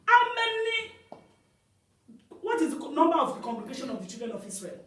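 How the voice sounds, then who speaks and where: Middle-aged woman pastor, lively swinging pitch, storytelling sermon, heard from a distance in a very echoey hall. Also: fairly quick. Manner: animated storytelling, rising to shouts.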